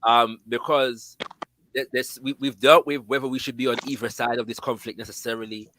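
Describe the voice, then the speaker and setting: A man hosting a political discussion, speaking in halting, repeated starts and affirming the others. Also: medium pitch, steady tone, sharp tone, a little hiss or hum. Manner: affirming, halting, restarts often.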